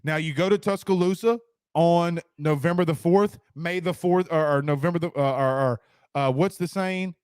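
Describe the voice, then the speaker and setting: A man's voice: on the high side, normal speed, a little mellow, smooth, no room sound, clean studio sound. A man hosting a casual sports talk show, joking and rambling through viewer comments and repeating lines for emphasis.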